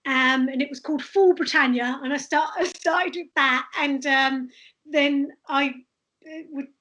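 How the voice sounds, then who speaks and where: A woman, a street performer, chatting in a casual podcast interview, telling lively stories and laughing often. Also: high voice, unhurried. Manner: animated, laughing storyteller.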